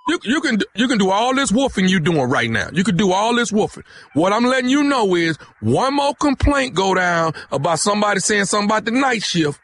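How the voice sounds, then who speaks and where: A man's voice: high voice, very animated, brisk, few pauses, fairly bright tone, a little hiss or hum, full character voice. A man playing a confrontational night-shift warehouse worker on a prank phone call, stammering and threatening. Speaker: radio prank caller.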